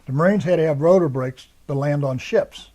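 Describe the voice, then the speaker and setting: An older American man recounts his years in the service at an easy, rambling pace. His voice sits a little high, and he slips into other people's voices whenever he quotes them, giving his talk the feel of an oral history interview. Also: normal speed, mellow. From United States. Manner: rambling storyteller acting out quoted dialogue. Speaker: interviewee, Marine veteran.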